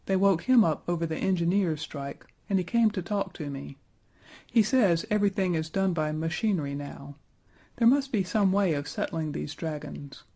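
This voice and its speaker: A man's voice: fairly high pitch, moderate pace, gravelly, warm tone. A man doing a drowsy old stone knight. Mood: sleepy. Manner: drowsy, easygoing, yawning. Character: sleepy old male stone saint-knight.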